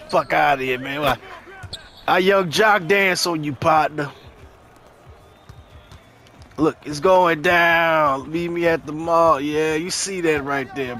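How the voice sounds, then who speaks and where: A cocky, older-sounding streetball man taunts and boasts in profane trash talk, as a man puts on the voice. His voice sits high for a man. He talks in game voice chat. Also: fairly bright tone.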